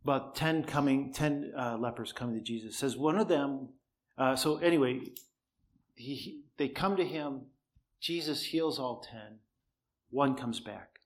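A man's voice: medium pitch, unhurried. A man preaching, telling a personal story in an easy, conversational way with dry humor; he says he cannot raise his voice. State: cannot shout, voice strained.

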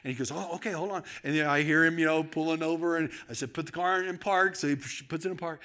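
A man preaching a sermon as a pastor, telling stories, dropping to a hush and then building to shouts. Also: on the high side, fast talker, few pauses. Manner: storytelling, swings from hushed to shouting.

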